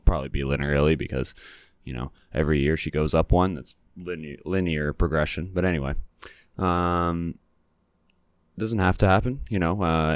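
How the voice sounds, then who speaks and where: A man's voice: rumbling low, clear, resonant tone, no echo, clean studio sound. A young man casually recapping sports results, rambling with many fillers and blunt asides. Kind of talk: casual solo commentary.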